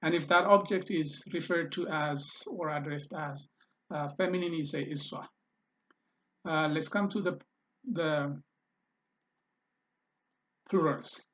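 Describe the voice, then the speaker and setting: Guy teaching a language lesson, kinda high voice, repeats words slow, muffled lo-fi audio. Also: fairly bright tone. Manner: patient, repeats pronunciations slowly; thinks aloud while editing slides. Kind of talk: screen-recorded language lesson.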